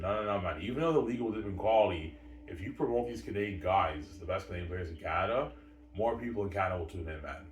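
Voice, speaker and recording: A man's voice: sits low, quick pace. A man giving a casual opinion rant as a sports commentator, repeating himself with stammering restarts and calling his listeners "man" and "guys". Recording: roomy room, distant mic, faint ambient noise.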